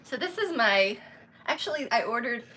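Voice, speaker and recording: A woman co-hosting a casual home live stream from the kitchen, chatting in a relaxed, offhand way. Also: fairly high pitch, normal speed, a little hiss or hum, low-quality recording. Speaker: livestream co-host.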